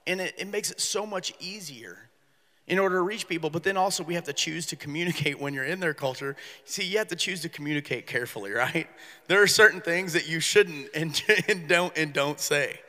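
A man with a fairly high, bright voice gives a lively storytelling talk at a ministry workshop. His sound rings in a large hall with a long reverb. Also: fairly quick. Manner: animated storyteller acting out voices. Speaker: campus minister speaking at a workshop.

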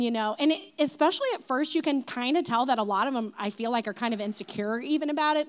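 A woman in her thirties talking casually, chatty and quick to laugh, with lots of fillers. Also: a little high. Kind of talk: casual talk.

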